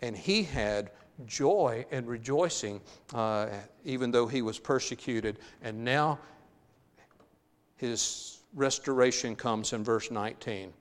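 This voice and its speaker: A man's voice: mid-range voice, takes it slowly, big-room sound. A man preaching a sermon, reading scripture aloud with emphasis and then paraphrasing it in a conversational way.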